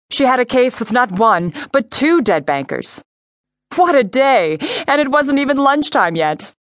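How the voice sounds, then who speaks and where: A woman narrating a crime story audiobook in a clear, measured reading voice. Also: a little high, fairly bright tone, no room sound, studio quality. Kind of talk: scripted narration.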